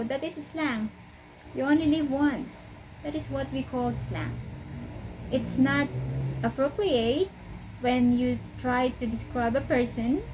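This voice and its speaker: Filipino female English teacher, higher voice, slow explainer. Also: warm tone, slight background noise, rough recording. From Philippines. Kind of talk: casual video lesson.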